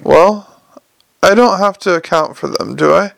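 A man's voice: high voice, measured pace, creaky, a bit bright, no room sound, heavily acted. A man doing a flustered, sarcastic con man. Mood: exasperated. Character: quick-witted exasperated male con man turned banker.

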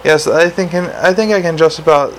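A man's voice: a little high, normal speed, slight background noise, lightly acted. A man reading the part of a weary, grumpy male police commander in an audiobook, speaking bluntly.

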